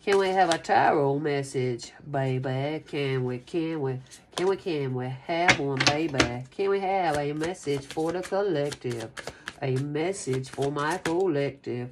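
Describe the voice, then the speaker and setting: A woman doing a casual tarot reading, rambling and excitable, repeating phrases and swearing freely. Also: low voice, a little slow, noisy background. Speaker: tarot reader.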